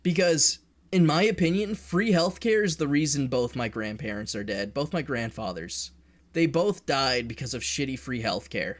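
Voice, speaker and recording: A man's voice: mid-range voice, very animated, normal speed. Blunt swearing man ranting. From Canada. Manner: blunt, profane, heated opinion talk. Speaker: streamer. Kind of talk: casual streamed rant.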